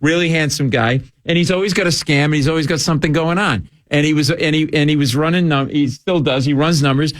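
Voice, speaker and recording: A middle-aged man from Rhode Island, a guest comedian telling rambling, animated stories in casual chat. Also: a little high, fast, hardly any pauses, no room sound. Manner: rambling, animated, full of "like" and asides. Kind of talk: comic storytelling in casual chat.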